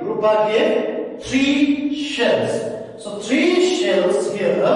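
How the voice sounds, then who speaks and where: A high-pitched man teaches a grammar lesson, posing questions and answering them himself in a patient singsong. He talks slowly and is heard from a distance in a very echoey room with a long reverb. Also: darkish tone. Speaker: school English teacher. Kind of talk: recorded grammar lesson for class.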